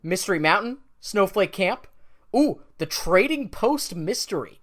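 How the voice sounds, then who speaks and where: Wry podcast co-host. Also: male voice, high-pitched, expressive, moderate pace. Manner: wry, enthusiastic while reading out lists. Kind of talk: casual chat.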